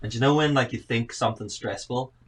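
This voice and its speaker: A man's voice: medium pitch, a little fast, background noise. A man in his thirties from South Africa, with a South African accent blended with Northern Irish, chatting casually and telling rambling, self-deprecating stories on a remote call. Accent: South African mixed with Northern Irish. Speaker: podcast guest. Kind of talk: casual chat.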